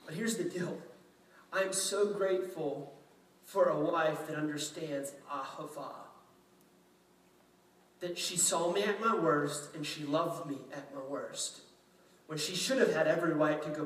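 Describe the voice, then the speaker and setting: A man's voice: fairly high pitch, moderate pace. A male pastor from Louisiana preaching in a chatty, self-deprecating way, acting out quotes. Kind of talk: sermon. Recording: echoey room, mic at a distance.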